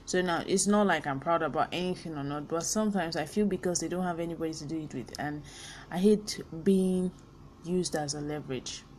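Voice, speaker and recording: A woman's voice: deep voice, a little fast, a little mellow, slight background noise. A young Nigerian woman hosting a personal podcast, speaking candidly and earnestly and slipping in pidgin phrases. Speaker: podcast host.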